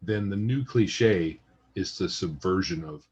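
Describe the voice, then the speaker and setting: A man's voice: deep voice, measured pace, highs cut off, noisy background. A man co-hosting a casual gaming podcast, giving blunt, dismissive opinions. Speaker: podcast co-host.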